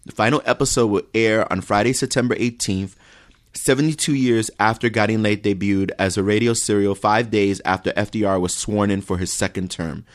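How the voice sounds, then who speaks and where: A man's voice: lowish voice, steady tone, a little fast. A man co-hosting a podcast who talks earnestly and rambles with repeated words, at times reading news items aloud. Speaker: podcast co-host.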